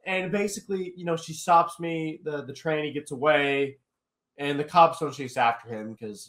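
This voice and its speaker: A man's voice: fairly high pitch, normal speed, fairly bright tone. A young man, a guest commentator, telling a story in a rambling, casual interview style, leaning on fillers like "basically". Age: young adult. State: eye still hurting after an attack. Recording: roomy echoey room.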